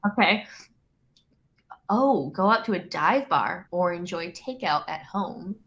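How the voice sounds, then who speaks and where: A woman's voice: lowish voice, expressive, slow, fairly bright tone. A woman, an actress, chatting playfully in an interview and laughing often between remarks. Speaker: actress promoting a film. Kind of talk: casual playful chat.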